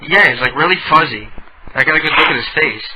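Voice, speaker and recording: A man's voice: on the high side, expressive, fast, noisy background. A man hosting a radio call-in show from home, chatting casually and laughing often.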